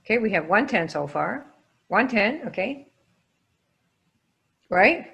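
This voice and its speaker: Lively woman coaching a live class. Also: mid-range voice, slow, gravelly. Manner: energetic, calls on listeners by name; lively, quizzing the audience. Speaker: sales trainer. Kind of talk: live online coaching session.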